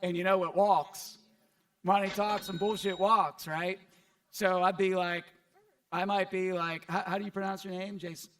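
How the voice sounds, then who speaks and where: Guy giving feedback on stage at an investing seminar, a bit high voice, repeats himself a lot, loose and chatty. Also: little pitch movement, moderate pace, a bit bright, clean tone, recorded from a distance. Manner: conversational, repeats words, acts out what he'd say. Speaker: multifamily investing coach. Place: event stage before an audience.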